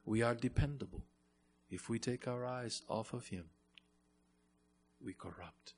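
A man's voice: mid-range voice, measured pace, darkish tone, big-room sound, slight background noise. A man preaching a sermon in an earnest way, repeating phrases and rising to emphatic bursts.

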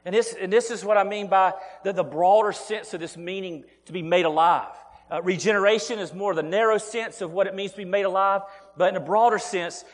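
High-voiced preacher man in a reverberant hall. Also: steady tone, brisk. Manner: earnest, repeats words when stressing points, addresses listeners as folks. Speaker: pastor. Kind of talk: sermon.

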